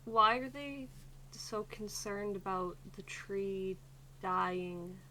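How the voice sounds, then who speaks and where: A woman's voice: mid-range voice, drawn-out words, sharp tone, slight background noise, poor audio. A woman playing a tabletop role-playing game, describing her character's actions with hesitant ums and restarts. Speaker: player.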